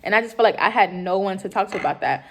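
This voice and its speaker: A woman's voice: medium pitch, fast talker, a bit bright. A young woman in college, earnestly telling a personal story in a rambling way with many fillers. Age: young adult. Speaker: college student.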